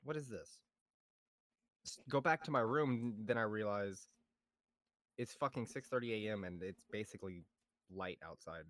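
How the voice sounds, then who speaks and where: A young man co-hosting a podcast, telling stories in a casual, animated way, swearing often and acting out what people said. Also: lowish voice, moderate pace, dry recording. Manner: animated storyteller, swears a lot, acts out quotes. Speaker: podcast co-host. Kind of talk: casual chat.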